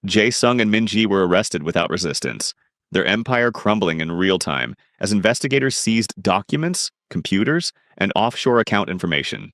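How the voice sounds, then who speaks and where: A man's voice: lowish voice, expressive, normal speed, a bit bright, no room sound, studio quality. A man narrating a dramatic crime romance story.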